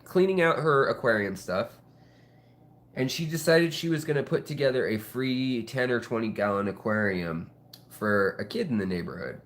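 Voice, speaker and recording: A man's voice: medium pitch, lively intonation, normal speed, a bit bright. A man hosting an aquarium channel, chatting casually and rambling to the camera beside his fish tanks at home, with lots of fillers and jokes. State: out of breath.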